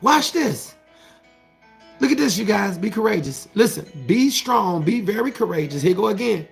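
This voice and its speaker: Male life coach, gravelly voice, slightly high, preacher cadence, faint music behind. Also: lively intonation, normal speed. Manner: emphatic and repetitive, preacher-like cadence; talks straight to viewers, asks questions and answers them. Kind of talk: motivational scripture talk to viewers.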